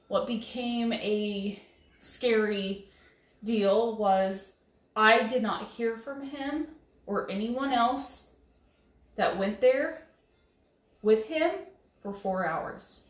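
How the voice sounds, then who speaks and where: A woman's voice: mid-range voice, reverberant. A woman telling a personal story in an earnest, emotional way, often stopping and restarting her sentences. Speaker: vlogger.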